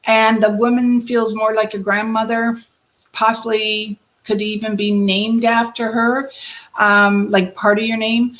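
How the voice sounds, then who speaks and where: A woman hosting a live-stream card reading as a psychic medium, addressing viewers by name in a gentle, reassuring way. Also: a little high, rough recording.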